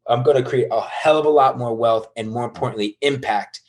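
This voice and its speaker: A man in his thirties speaks as an interview guest, recounting his rise and fall with emphatic energy. His voice sits at an ordinary middle pitch, and his talk is loose and casual, with occasional swearing. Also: a little fast, a little mellow. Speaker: guest entrepreneur.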